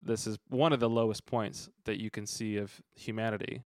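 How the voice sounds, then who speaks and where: A man's voice: lowish voice, fairly even intonation, moderate pace, darkish tone, no echo, clean studio sound. A man co-hosting a casual podcast, reading a Bible passage aloud and reflecting on it earnestly, with frequent fillers. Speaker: podcast co-host.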